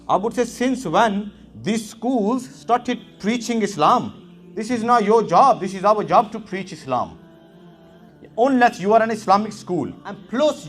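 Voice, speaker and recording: A man with a notably high voice delivers an impassioned religious talk as an imam. He lectures emphatically, with a sharp, indignant edge. Faint music plays underneath.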